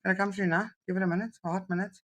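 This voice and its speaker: A woman's voice: medium pitch, steady tone, racing, heavy background noise. A woman co-hosting a podcast in casual chat, playful and teasing, laughing often. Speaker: podcast co-host.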